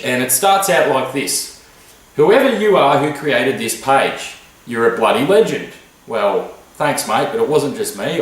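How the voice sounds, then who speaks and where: Blunt, sweary Australian man hosting. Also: medium pitch. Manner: casual, blunt, sweary, mock-formal newsreader. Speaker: parody news host. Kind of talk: satirical news show, reading viewer mail. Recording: very echoey room, far from mic.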